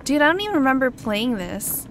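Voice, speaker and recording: A woman's voice: sits high, very animated, a little fast, a bit bright, a little hiss or hum. A woman streamer chatting casually while playing a co-op horror game, giggling and shrieking with fright. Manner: giggly, shrieks and swears when scared. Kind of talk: casual co-op gaming chat.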